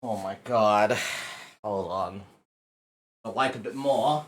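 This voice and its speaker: A man's voice: on the low side, takes it slowly. A male livestreamer chatting casually to his viewers, exasperated and swearing a lot as he cleans up.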